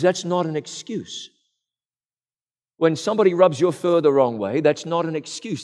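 Middle-aged male preacher, earnest rhetorical sermon, slightly high voice, long hall echo. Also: darkish tone. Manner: rhetorical, earnest, direct address.

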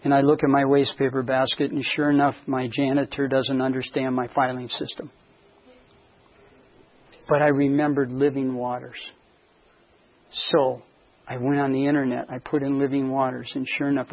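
A man preaching as a pastor, telling a story and acting out the dialogue with lively shifts in voice. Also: a little high. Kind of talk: sermon storytelling. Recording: dull lo-fi sound.

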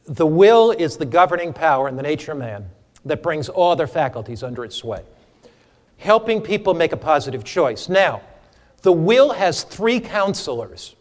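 A man teaching an interactive sermon to a church audience, humorous and animated, quizzing listeners for Bible verses. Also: a little high, normal speed, in a large hall. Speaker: preacher teaching a seminar. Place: church or hall before a live audience.

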